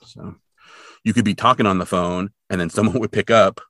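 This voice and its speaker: On a casual podcast, a co-host with a lowish voice walks through an episode a little quickly, using many fillers and briefly playing the quoted characters. The animated recap is recorded cleanly in a studio, with no room sound.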